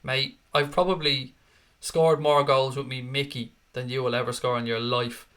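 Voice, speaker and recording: Sweary, bright-voiced man. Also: mid-range voice, flat delivery. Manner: sweary, quick to rant in mock outrage. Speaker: host. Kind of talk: casual live-stream chat reading viewer comments.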